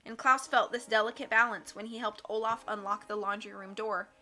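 A woman reading a children's novel aloud in a steady, wry storytelling manner. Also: mid-range voice, a little fast. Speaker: audiobook reader. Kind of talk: storybook narration. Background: faint music.

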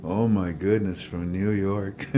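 A man's voice: low voice, fairly even intonation, takes it slowly, warm tone, a little hiss or hum. An older man hosting a faith-based livestream. He greets viewers by name in a jovial, chatty way, laughs at his own jokes and leads a prayer. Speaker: livestream host. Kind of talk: casual livestream chat and prayer.

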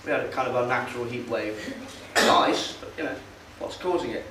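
A man's mid-range voice sounds pushed and bright as he speaks at normal speed during a public talk in a meeting hall. He's conversational and sardonic, hesitating with fillers, and the roomy hall is recorded from a distance with faint noise.

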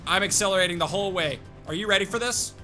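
Young man, high bright voice, excitable gameplay chatter, jokes to himself, soft music underneath. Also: fast talker. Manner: jokey, talks to himself and the car, sudden excited outbursts. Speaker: gaming YouTuber.

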